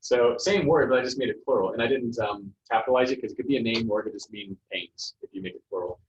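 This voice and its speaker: A man teaches a Spanish class in a fast, mid-range voice, explaining patiently with plenty of fillers and restarts. The classroom recording is dull and lo-fi with faint noise.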